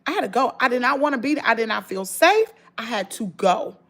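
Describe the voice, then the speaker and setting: A woman's voice: a little high, animated, a little fast, fairly bright tone. A woman with a Southern US accent, telling an emotional story straight to her viewers in an emphatic, rambling way, full of restarts. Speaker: vlogger.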